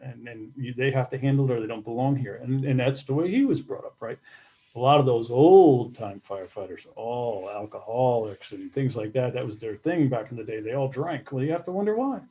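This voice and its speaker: A middle-aged man, a former fire captain, speaking candidly in an interview, halting and repeating words as he reflects. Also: mid-range voice, dark tone, dull audio. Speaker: retired fire captain, guest.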